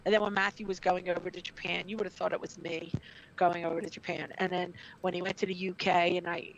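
A woman's voice: on the low side, fast talker, background noise. A brash middle-aged woman, a former wrestler and trainer, telling stories in a casual interview with plenty of swearing. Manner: brash, profane, animated. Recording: dull lo-fi audio.

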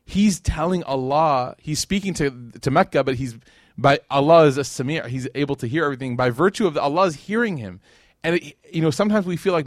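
A man's voice: medium pitch, lively intonation, brisk, no echo, studio quality. A man from Chicago, in his thirties, giving a casual, conversational religious lecture to a live audience, full of fillers and questions to the crowd. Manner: chatty, uses many fillers like "like" and "you know", asks the audience questions. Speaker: Islamic lecturer.

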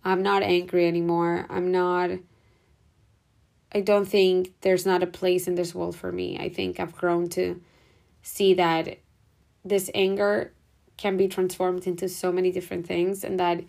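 A woman's voice: on the low side, flat delivery, a little slow, vocal fry, a little mellow. A young woman hosting a podcast, talking in a rambling, casual way with lots of "like" and "whatever.". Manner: rambling, heavy use of "like" and "whatever". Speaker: podcast host. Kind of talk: casual reflective monologue.

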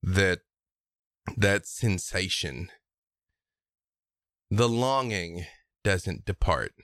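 A man narrating a tabletop role-playing game as game master, in an unhurried and expressive way. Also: deep voice, dry recording, studio quality.

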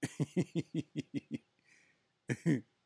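Slow slangy young man, laughing. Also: warm tone, no room sound, clean studio sound. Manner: laughs often, slangy and loose, trails off with "man" and "boy". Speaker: podcast host reading live chat. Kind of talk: casual comedic chat.

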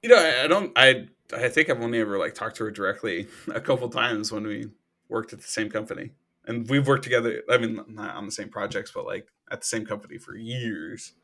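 A man's voice: on the low side, fairly quick, bright, forceful tone. A man co-hosting a podcast in casual chat, laughing often and swearing casually. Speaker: podcast co-host.

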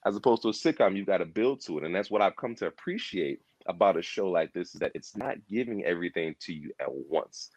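A man's voice: deep voice, fast talker, hardly any pauses, dry recording. A man chatting casually about a TV series, rambling, repeating himself and acting out lines as he talks. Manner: animated, rambling, repeats himself, acts out quotes. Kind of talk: casual pop culture discussion.

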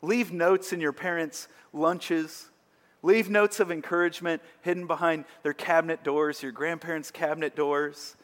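A man's voice: on the high side, fairly even intonation, moderate pace, fairly bright tone. Earnest preaching man, hall reverb. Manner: earnest, emphatic preaching with rising bursts. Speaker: pastor. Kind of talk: sermon.

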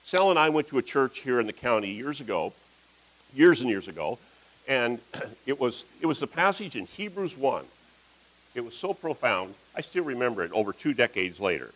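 Middle-aged guy preaching, animated, acts out quotes in his stories. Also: medium pitch, moderate pace, rough recording. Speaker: pastor. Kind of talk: sermon.

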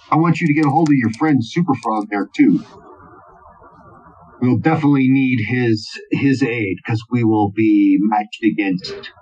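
A man's voice: mid-range voice, darkish tone, lo-fi sound, slight background noise, close to an everyday voice. A man voicing a mutated, arrogant male scientist villain with a haughty, menacing manner.

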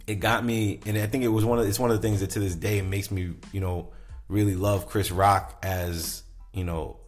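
A man hosting a casual show, rambling enthusiastically and filling his talk with "like" and "you know". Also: sits low. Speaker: podcast host. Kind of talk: casual commentary.

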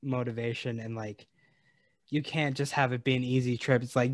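Male podcast co-host, mid-pitched, laid-back and hedging, dry close recording. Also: flat delivery, normal speed, no room sound. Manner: easygoing, hedging with "like". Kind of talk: casual movie discussion.

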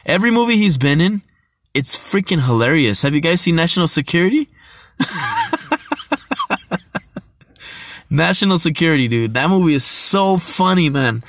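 A young man talks into his phone in a loose, rambling way, laughing often and swearing freely. His pitch jumps around a lot as he tells a story. The sound is dry and close, with no room echo. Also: expressive, fairly quick, fairly bright tone. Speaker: vlogger. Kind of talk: casual movie chat.

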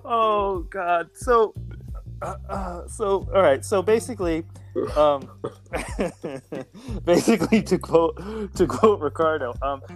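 A man hosting a casual chat, teasing his guest and laughing often as he asks drawn-out questions. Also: high-pitched, faint music behind.

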